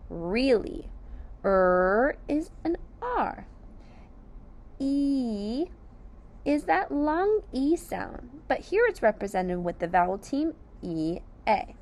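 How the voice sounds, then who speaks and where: Slow, gravelly-voiced phonics teacher woman. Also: on the high side, big pitch swings, a little mellow. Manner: sounds out letters and syllables one by one, praising. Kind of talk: slow, deliberate phonics lesson for young children.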